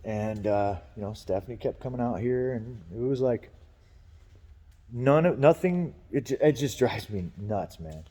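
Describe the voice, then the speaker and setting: A man's voice: medium pitch, expressive, unhurried, mellow, in a large hall. A man talking casually on a vlog, rambling and swearing as he vents frustration about work. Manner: rambling, profane, frustrated venting. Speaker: vlogger.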